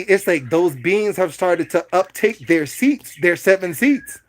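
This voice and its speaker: A man's voice: high voice, animated, unhurried, hardly any pauses, dry recording. A man hosting a casual livestream, speaking in a preachy, repetitive way and addressing his viewers directly. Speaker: livestream host. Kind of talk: casual livestream talk to chat.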